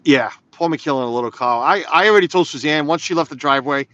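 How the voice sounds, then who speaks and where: A man's voice: a little high, fast, sharp tone, no echo. A man chatting casually to viewers while driving in snow, rambling and reading comments aloud. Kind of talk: casual live-stream chat from a car. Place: inside a car on snowy roads. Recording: slightly dull lo-fi phone audio.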